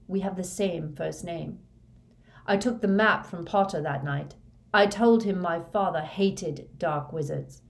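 Lady doing a creepy young wizard guy, quiet flat confession, lowish voice. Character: fanatical young male dark wizard confessing.

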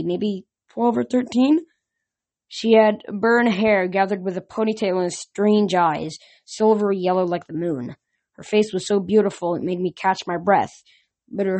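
A woman's voice: mid-range voice, normal speed, a little mellow. A woman reading a novel aloud for her podcast, with occasional slips and restarts. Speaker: podcast reader.

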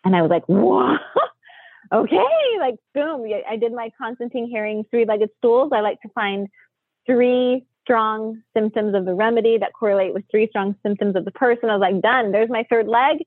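A middle-aged woman from the United States tells a story with animated energy and acts out what people said. Her voice comes through dry and narrow, like a phone line. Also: a little high, a little fast, dry recording. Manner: animated, acts out quotes with laughs. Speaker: podcast guest. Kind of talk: storytelling interview chat.

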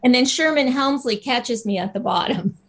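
Woman spinning a funny story, voice a bit high, bounces through quotes. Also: moderate pace, slightly rough. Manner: animated storyteller, acts out quotes. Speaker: guest actress. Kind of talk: casual anecdote in interview.

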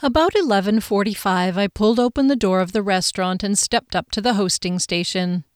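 A woman narrating a first-person audiobook in a measured, expressive way. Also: medium pitch, no echo, clean studio sound.

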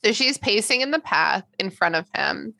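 A woman's voice: mid-range voice, expressive, normal speed, creaky, pushed and bright. A woman co-hosting a podcast, chatty and casual, swearing now and then. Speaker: podcast co-host. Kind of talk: casual chat.

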